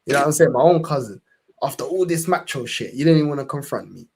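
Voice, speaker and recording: Husky London man ranting about manhood. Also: fairly high pitch, expressive, fast talker, darkish tone. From England. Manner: impassioned, swearing, repeats "bro". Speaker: fan channel host. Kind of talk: casual podcast chat.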